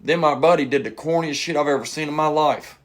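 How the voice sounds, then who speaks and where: A man, a comedian casually telling a funny story and acting out the people in it with sudden high yells. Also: fairly quick. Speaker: stand-up comedian.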